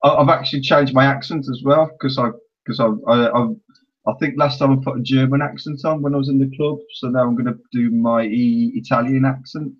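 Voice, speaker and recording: Man, tabletop player, husky voice, halting polite speech, lo-fi sound. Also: medium pitch, fairly even intonation. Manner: hesitant, filler-heavy, polite. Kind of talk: in-character roleplay and table talk. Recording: dull lo-fi recording.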